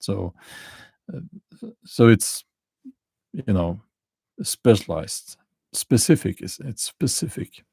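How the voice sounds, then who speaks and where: Slow, gravelly Norwegian man chatting. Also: fairly low pitch, expressive, darkish tone, no echo. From Norway. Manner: halting, many fillers and restarts, chuckles dryly. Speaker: livestream host answering chat questions. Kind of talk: casual livestream chat.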